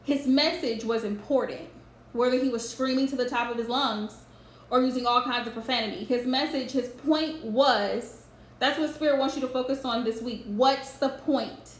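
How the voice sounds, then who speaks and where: A woman's voice: fairly high pitch, normal speed. A woman giving a live-streamed tarot reading, earnestly advising viewers and often repeating her points. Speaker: tarot reader. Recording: roomy echo with faint background noise.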